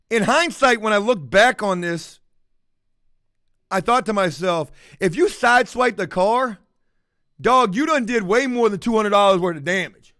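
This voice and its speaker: A man's voice: high-pitched, lively intonation, measured pace, bright, forceful tone, no echo, studio quality. A man telling a story to camera as a profane, mocking rant. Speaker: vlogger.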